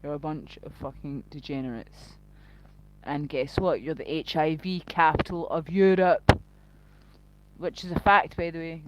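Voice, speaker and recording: A woman's voice: deep voice, fairly even intonation, a little slow. A Glaswegian woman streams live, answering her chat in a blunt, sweary way and laughing often. She takes her time and drawls her words. A faint hum sits underneath. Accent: Glaswegian Scottish.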